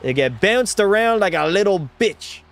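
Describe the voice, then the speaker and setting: Brief: young male streamer, higher-pitched voice, excitable play-by-play with swearing, music underneath. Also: moderate pace. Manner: excitable, swears, chats with viewers. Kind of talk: live gameplay commentary.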